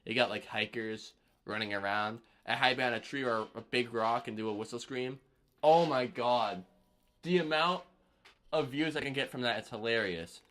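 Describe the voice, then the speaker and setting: A man's voice: medium pitch, moderate pace, fairly bright tone. A young man chatting loosely on a live stream between drumming, rambling with lots of fillers and slang. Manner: rambling, filler-heavy, laid-back slang. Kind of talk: casual live-stream chat.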